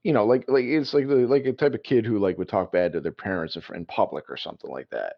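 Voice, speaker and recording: A man with a fairly low voice co-hosts a casual podcast, telling a story with animated asides and laughs. The audio is dull and lo-fi. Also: quick pace, vocal fry. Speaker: podcast co-host. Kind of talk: casual chat.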